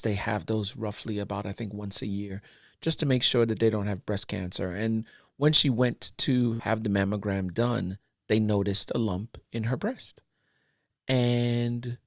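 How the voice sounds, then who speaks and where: A man's voice: mid-range voice, creaky, no echo, studio quality. A man co-hosting a podcast, telling a personal story in casual chat with easy slang and an earnest tone. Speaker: podcast co-host.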